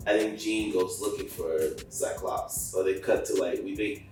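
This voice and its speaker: Animated male podcaster in an echoey room. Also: moderate pace. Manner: animated retelling, jumps up in pitch and volume to act out characters' lines. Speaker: podcast co-host reviewing a cartoon series. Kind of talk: casual review chat. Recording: echoey room, distant mic, faint music.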